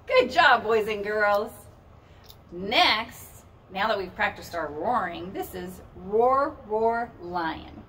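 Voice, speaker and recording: A woman's voice: a little high, expressive, takes it slowly, a bit bright, distant mic, slight background noise. A woman leading a children's storytime as a librarian, singing rhymes in a sing-song, playful way and roaring with the kids.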